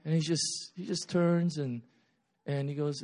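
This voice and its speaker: A male preacher in full storytelling mode, his voice jumping from loud, quick bursts to hushed, slow lines. He acts out characters as he goes and keeps the delivery casual and conversational. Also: a little high, fairly even intonation. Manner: swings from loud and fast to quiet and slow. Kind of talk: sermon.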